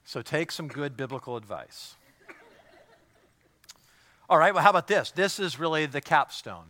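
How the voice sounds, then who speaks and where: A middle-aged man, a pastor, preaching a sermon in a lively, joking way and acting out voices of the people he talks about. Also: fairly high pitch, normal speed, a little hiss or hum. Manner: animated, jokey, acts out quoted voices.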